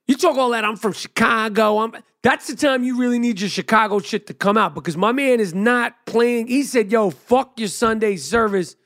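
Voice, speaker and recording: A middle-aged man hosting a podcast, ranting loudly and profanely. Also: extremely high pitch, moderate pace, few pauses. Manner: loud, profane, animated ranting. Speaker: podcast host. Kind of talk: profane rant monologue.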